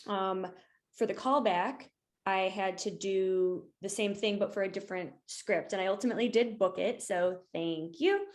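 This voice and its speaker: A woman's voice: mid-range voice, normal speed. A young adult woman, an actor, interviewing her coach in an enthusiastic, casual way with many fillers, over a video call.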